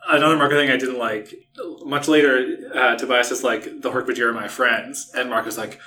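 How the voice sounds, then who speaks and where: A man in casual book discussion, relaxed and a little hesitant. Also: medium pitch, a little fast.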